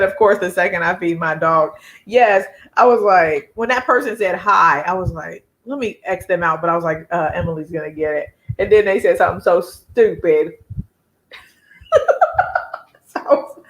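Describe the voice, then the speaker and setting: A woman's voice: lowish voice, normal speed. A woman, hosting a casual beauty live chat, chatty and laughing often as she reads viewer comments.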